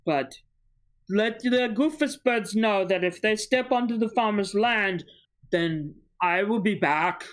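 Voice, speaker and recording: A woman voicing a gruff, gung-ho male big game hunter in a tabletop game, speaking firmly and a little louder. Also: medium pitch, slow pace, lightly acted. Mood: stern.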